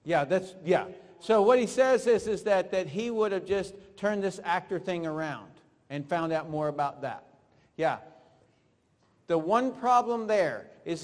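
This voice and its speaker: A male trainer with a high voice leads a live seminar, quizzing and coaching his audience through drills. His voice rings through a hall with a long reverb. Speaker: network marketing trainer. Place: large room with an audience.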